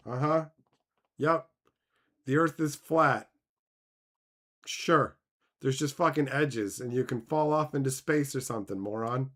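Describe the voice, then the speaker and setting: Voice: medium pitch, expressive, slow, pauses often. A streamer reacting to chat in casual talk, sarcastic and mocking, swearing often and laughing between remarks. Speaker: streamer reading chat aloud.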